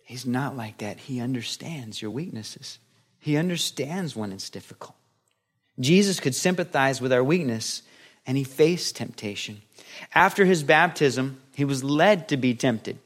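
A man's voice: medium pitch, animated, measured pace. A man preaching a sermon, earnest and emphatic, reading a story aloud with dramatic weight.

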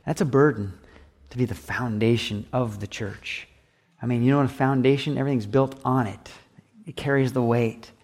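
A man's voice: mid-range voice, fairly even intonation, moderate pace, darkish tone. A man preaching a sermon as pastor, emphatic and repetitive, with acted asides.

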